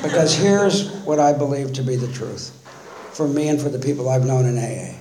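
A man's voice: medium pitch, expressive, brisk, crowd noise. Wry storytelling man in an echoey room. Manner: wry storytelling, acting out his own thoughts. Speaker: recovery meeting speaker. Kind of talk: personal recovery talk. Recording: echoey room with faint noise.

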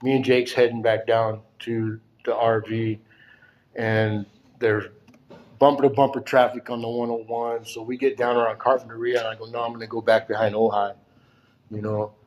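Middle-aged man, mid-pitched, casual storyteller; loose and repetitive, leans on fillers, soft background hiss. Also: level tone, normal speed, poor audio. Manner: rambling, filler-heavy, repeats phrases.

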